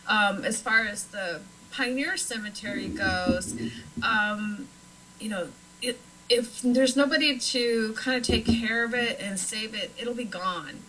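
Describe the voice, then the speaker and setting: A woman's voice: on the high side, unhurried, fairly bright tone, slight background noise, poor audio. A woman from Nebraska chatting casually as a guest, with frequent fillers. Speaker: paranormal investigator guest. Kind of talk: casual chat.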